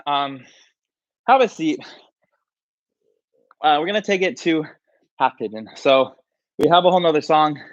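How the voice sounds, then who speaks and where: A man's voice: on the high side, expressive, normal speed, long pauses, no echo, highs cut off. A man leading a livestreamed yoga class, casually counting down poses while out of breath. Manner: counts down holds, casual and chatty. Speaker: yoga instructor. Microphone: livestream mic.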